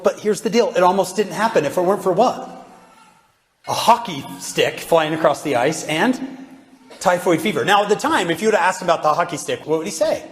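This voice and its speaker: A man's voice: a little high, expressive, fairly quick. A man giving a humorous devotional talk, joking and quizzing his audience with questions. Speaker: religious speaker. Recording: echoey hall with faint background noise.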